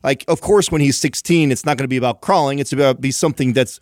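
A man's voice: mid-range voice, fast talker, no room sound, clean studio sound. A young man co-hosting a casual podcast, animatedly telling a story with many restarts and repeats. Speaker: podcast co-host.

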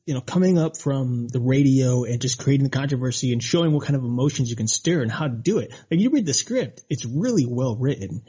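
A man's voice: medium pitch, slightly rough. A man co-hosting a paranormal radio show, talking casually and rambling with lots of fillers. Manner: rambling, animated, many fillers. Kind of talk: casual podcast chat. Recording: dull lo-fi sound.

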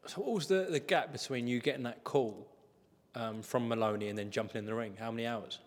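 A man's voice: medium pitch, brisk, long reverb tail. A man hosting a podcast interview, asking short prompting questions and adding context. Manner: brief, prompting, gives context. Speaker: podcast host.

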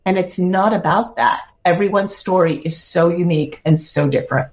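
A woman's voice: fairly low pitch, moderate pace. An older woman, a podcast guest, telling her personal story in an earnest, heartfelt way, close to tears at times.

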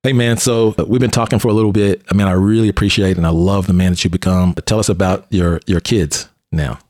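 A man hosting a conversation, a police officer and mentor telling a story in an animated way and often restarting his phrases. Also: low voice, fast, dry recording, clean studio sound.

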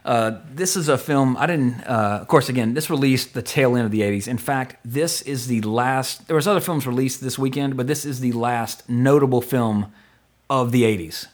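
A middle-aged man hosting a podcast, rambling through a movie review with quick asides and casual swearing. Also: medium pitch. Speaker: podcast host.

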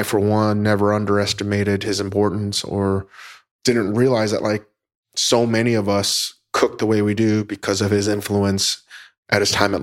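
Man host with a lowish voice, halting, emotional delivery, stops and restarts a lot. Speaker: podcast host. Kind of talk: casual podcast talk. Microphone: teleconference recording.

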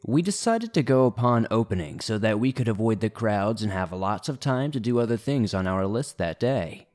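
A man reading listener-submitted horror stories aloud as a steady, low-key scripted narration. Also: moderate pace.

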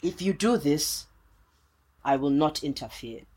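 A woman voicing a stern, commanding older chieftain who speaks slowly and gravely. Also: a little high, expressive, a little mellow, voice pushed down. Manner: slow, grave, threatening.

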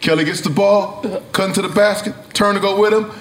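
A middle-aged man telling a lively, profane story in casual chat, acting out quotes and laughing often. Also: high voice, brisk. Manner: animated, laughing, acts out quotes, swears freely. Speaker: guest storyteller. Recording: echoey room with crowd noise.

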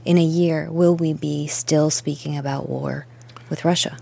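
Husky, deep-voiced woman interviewer. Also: fairly even intonation, measured pace, darkish tone. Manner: probing, conversational questions. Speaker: news host interviewing. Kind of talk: interview questions.

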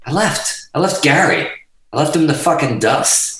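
A man telling stories in casual podcast chat, profane and animated as he talks. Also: on the high side, normal speed, echoey room, rough recording. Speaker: guest guitarist.

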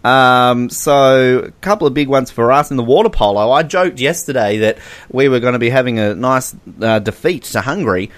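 A man's voice: medium pitch, animated, moderate pace, a bit bright. An Australian man co-hosting a casual sports chat podcast, sarcastic and joking, often mocking other people's voices. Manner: sarcastic, mocks voices in quotes. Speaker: podcast co-host.

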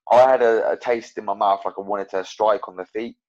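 A man's voice: fairly low pitch, fairly even intonation, fairly quick, darkish tone, muffled recording. A man talking as an MMA fighter guest, rambling and frank about his own fights. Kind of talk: casual interview chat.

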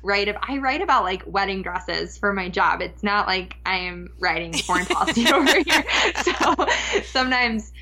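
A woman's voice: medium pitch, lively intonation, normal speed, pushed and bright. A young woman guest talking in a chatty, laughing way with lots of fillers. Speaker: podcast guest. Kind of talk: casual interview chat. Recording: dull lo-fi remote line.

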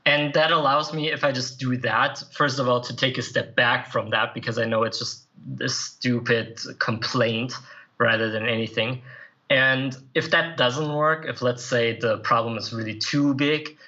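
A man's voice: medium pitch, fairly even intonation, unhurried, bright, forceful tone, lo-fi sound. A man speaking as a podcast guest, a self-improvement writer and coach, answering earnestly and reflectively with the odd light laugh. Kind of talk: conversational interview answers.

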